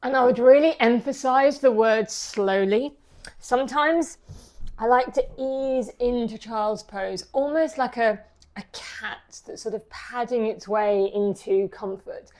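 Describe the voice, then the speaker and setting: A woman leads a yoga class with a mellow, warm tone. She guides each pose and breath slowly and gently, in a soothing, unhurried way. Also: on the high side. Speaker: yoga teacher.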